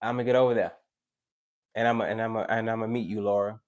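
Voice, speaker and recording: A man's voice: lowish voice, quick pace, lo-fi sound. A man giving a tarot live stream, talking casually and animatedly to his chat, preachy and joking. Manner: animated, preachy and joking, with teasing asides to viewers.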